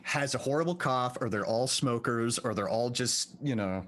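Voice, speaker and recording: A man's voice: mid-range voice, normal speed, a bit bright. Wry, chatty man at a game table. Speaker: player. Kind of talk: casual chat during a tabletop game.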